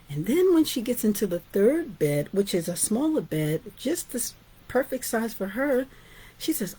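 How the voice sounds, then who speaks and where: A woman's voice: medium pitch, big pitch swings, a little slow, mellow, breathy edge. A woman author and teacher giving an informal storytelling lesson, chatty and often asking "right?". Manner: chatty, asks "right?" and "guess what?".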